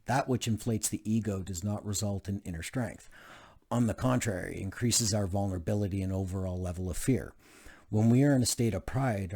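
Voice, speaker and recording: A man's voice: on the low side, mellow. A man reading aloud from a book, with casual asides and frequent fillers. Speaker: channel host reading a self-help book.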